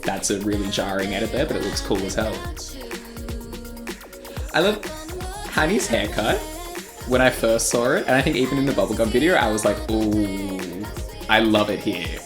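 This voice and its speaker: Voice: mid-range voice, expressive, brisk, long pauses. An Australian music video reactor giving casual, rambling commentary full of filler words. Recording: roomy room with faint music.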